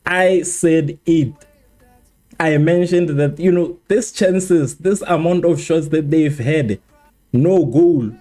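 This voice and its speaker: A man's voice: a little high, slow pace, soft background music. A man hosting a live football watchalong stream, chatting casually and animatedly with his viewers, repeating himself and joking. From South Africa. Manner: animated, repetitive, joking with chat. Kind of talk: casual match watchalong commentary.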